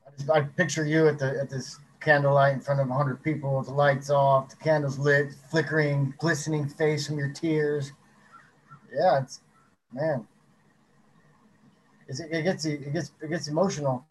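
A man co-hosting a podcast, halting and restarting as he asks questions. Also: fairly high pitch, little pitch movement, slight background noise, poor audio. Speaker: podcast co-host. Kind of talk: casual chat.

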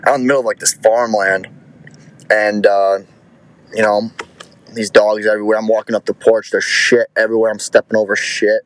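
A man's voice: lowish voice, level tone, brisk, fairly bright tone, rough recording. A young man telling a personal story in a crude, rambling way, swearing often and restarting his sentences. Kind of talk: casual storytelling.

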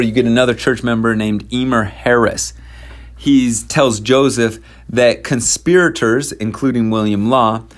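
A man casually retelling a historical story, animated, with slang, fillers and acted-out quotes. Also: mid-range voice. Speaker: storyteller presenting church history.

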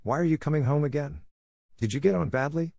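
A man's voice: fairly high pitch, a little fast, creaky, warm tone, dry recording, clean studio sound, voice pushed up. A man doing a nosy village baker. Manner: nosy, questioning. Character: curious gruff male village baker.

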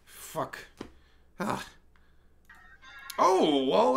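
A man's voice: a little high, very animated, slow pace, creaky, pauses often, a bit bright. A male livestream host giving crude, profane, rambling commentary while chatting with strangers online.

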